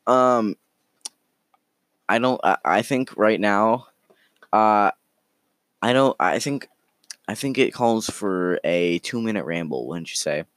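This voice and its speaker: A man rambling through an improvised story, halting and restarting often. His voice is lowish, smooth and resonant, with lively swings in pitch. The sound is close and dry. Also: no echo. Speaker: storyteller, podcast host.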